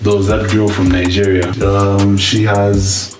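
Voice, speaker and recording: A man co-hosting a casual podcast, telling stories in a relaxed, laughing way. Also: lowish voice, unhurried, roomy sound, far from the mic, over music, poor audio. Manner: relaxed, laughing, loose storytelling. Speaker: podcast co-host.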